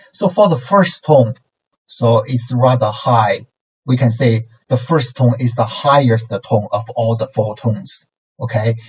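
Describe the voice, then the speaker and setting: A man teaches a recorded language lesson at a very slow, deliberate pace, his voice husky. He patiently models sounds for listeners to repeat and keeps checking in with "okay" and "right". He sounds set back from the mic, in a dull, lo-fi recording. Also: mid-range voice, a little mellow, far from the mic. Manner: models syllables and tones for repetition.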